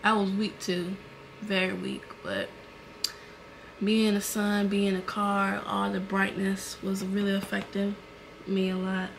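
A young woman vlogger, retelling an emotional story to camera in a casual, animated way with lots of fillers, recorded indoors at home on a camera mic. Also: mid-range voice, unhurried, creaky, a little hiss or hum.

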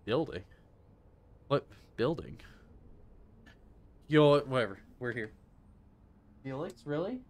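A man's voice: mid-range voice, expressive, slow, long pauses. A man streaming a video game live, coaching himself aloud and swearing when it goes wrong. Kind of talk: casual live-stream commentary.

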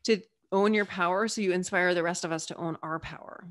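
A woman chatting as a podcast guest, animated and emphatic as she explains ideas and acts out little quoted voices. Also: on the low side, fairly quick. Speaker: podcast guest, Human Design reader. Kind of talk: casual podcast conversation.

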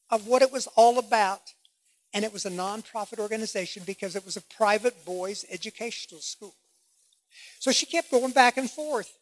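Animated man lecturing. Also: sits high. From United States. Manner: animated, emphatic, asks the audience questions. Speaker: guest lecturer. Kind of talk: public lecture.

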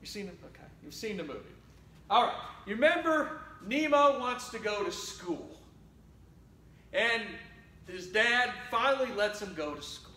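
A man preaches in a high, light voice, moving from loud exhortation to quiet, close asides. His sermon sounds conversational. It is picked up from a distance in an echoing church with faint room noise behind. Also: lively intonation, unhurried. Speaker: pastor. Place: church sanctuary.

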